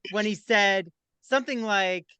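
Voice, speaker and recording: A man's voice: high voice, measured pace, sharp tone, smooth, no echo. A man hosting a podcast, chatting playfully about reality TV gossip. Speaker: podcast host. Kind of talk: casual gossip chat.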